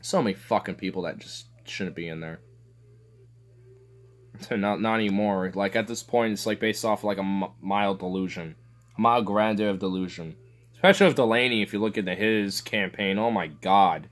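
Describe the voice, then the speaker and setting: At a normal speed and in a fairly low voice, a male streamer rambles on about politics. His profane, casual rant is full of filler words, sarcastic asides and scoffing laughter.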